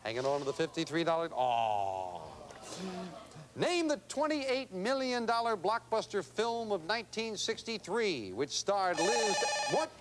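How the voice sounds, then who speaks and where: Man, game show host, bright chatty emcee, lively swooping pitch, fairly high voice. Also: unhurried. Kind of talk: lively studio banter. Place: TV studio with audience.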